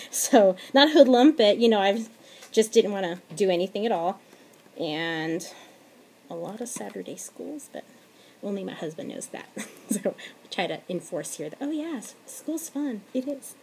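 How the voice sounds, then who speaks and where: A chatty woman in her thirties, filming a craft tutorial at home on a tablet, rambles easily and laughs often. Her voice sits at a middling pitch, and she sometimes dips into quiet, hushed asides. A faint hiss of background noise sits under the recording. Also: measured pace. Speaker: crafting vlogger. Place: home at night. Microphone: tablet camera.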